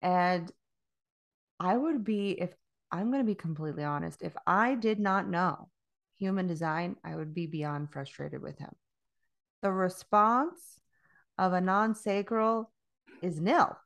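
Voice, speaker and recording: Low-voiced woman cohosting, swears a lot, laughs easy, super candid. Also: animated, a little slow, gravelly, long pauses, a bit bright. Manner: candid, profane, laughs often. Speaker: podcast co-host. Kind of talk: casual chat.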